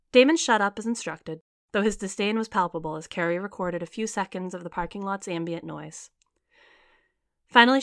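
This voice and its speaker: A woman's voice: lowish voice, no room sound, studio quality. A woman narrating a scripted story, reading evenly and voicing the characters' lines herself.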